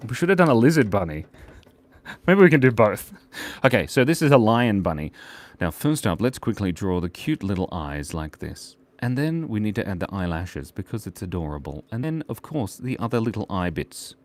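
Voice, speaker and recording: A man's voice: on the low side, sing-song, moderate pace. A man hosting a casual live drawing stream, joking and chatting with viewers as he draws. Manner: playful, jokey, chatty with viewers. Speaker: livestream drawing host.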